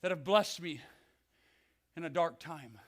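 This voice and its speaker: A middle-aged man preaching a fervent Pentecostal sermon as pastor, swinging from hushed words to shouts. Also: on the high side, lively intonation, unhurried. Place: church sanctuary.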